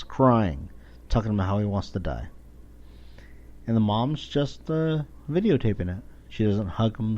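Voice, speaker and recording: A man around forty talks into a podcast mic in a slow, drawn-out way, with a dark, mellow tone. He rants bluntly and swears freely. The recording sounds dull and a little lo-fi. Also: fairly low pitch. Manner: blunt, profane ranting. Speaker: podcast host. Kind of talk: casual monologue.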